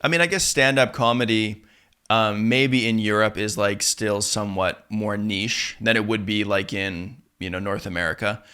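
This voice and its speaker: A man hosts an interview, chatting in a relaxed, loose way, dropping "like" constantly and sometimes acting out quotes. His voice is on the low side, smooth, and at a normal speed.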